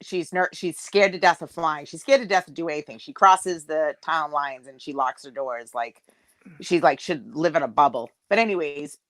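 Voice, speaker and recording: A woman's voice: sits low, moderate pace, dry recording. A middle-aged woman, hosting a casual group video chat and telling stories with a joking, laughing manner. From Massachusetts. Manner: lively joking storyteller, laughs often. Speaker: host of a group live chat. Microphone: video call.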